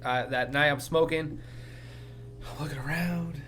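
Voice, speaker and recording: A man's voice: a little high, fairly even intonation, measured pace. Young man from arkansas, podcast co-host, rambling profane storyteller, faint hum behind. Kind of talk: casual chat.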